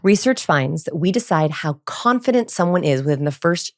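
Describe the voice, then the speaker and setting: A woman's voice: fairly low pitch, animated, moderate pace. A woman, a body language researcher, talking as a podcast guest with energy, laughing often and acting out the lines she quotes. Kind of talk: animated podcast conversation.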